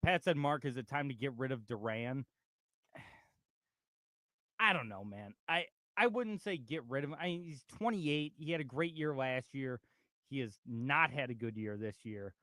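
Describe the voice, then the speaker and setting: A man's voice: medium pitch, measured pace, no room sound, clean studio sound. A man hosting a sports radio talk show, chatting casually and reading out comments from the chat. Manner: animated, reads out chat comments.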